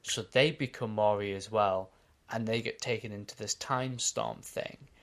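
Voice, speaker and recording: An Australian man co-hosting a casual podcast, recapping episodes in a quick, animated way. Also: on the low side, vocal fry. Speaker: podcast co-host.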